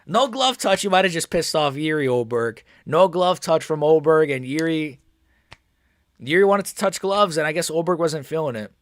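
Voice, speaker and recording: A young man hosting a live fight watch-along stream, reacting casually and swinging between nervous mumbling and excited shouting. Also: on the high side, moderate pace, dry recording, clean studio sound.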